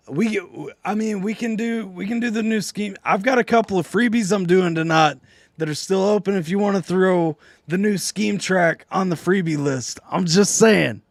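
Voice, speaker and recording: A hoarse man, his voice nearly gone, chats casually with viewers on a live reaction stream. His voice sits a little high for a man, and the sound is dry and close, with no room echo. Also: measured pace. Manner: chatty, talks straight to viewers, reading out chat.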